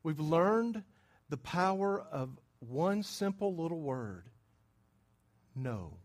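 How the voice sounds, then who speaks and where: This pastor is very animated, his notably high voice carrying a sermon that feels like a conversation, as he quizzes the congregation with quick questions. He moves between hushed near-whispers and loud, emphatic outbursts.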